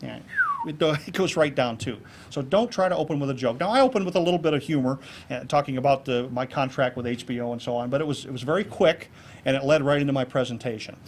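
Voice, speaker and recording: A man giving a keynote speech to a club audience on presentation skills, lively and jokey, acting out examples. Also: mid-range voice, fast talker, slight background noise. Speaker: keynote speaker. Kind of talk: public speaking talk on presentation skills. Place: club meeting room with an audience.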